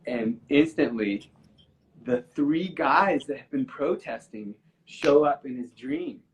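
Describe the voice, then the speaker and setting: A man talking over a live video call, earnest and halting, restarting his sentences as he works through a long story. His voice sits at an ordinary middle pitch for a man. He sounds open and moved by what he is saying. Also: big pitch swings, dull audio, slight background noise. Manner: halting, with frequent restarts and fillers; earnest, gets emotional while telling a story. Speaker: musician. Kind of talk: casual live-stream chat, storytelling. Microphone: video call from a phone or computer.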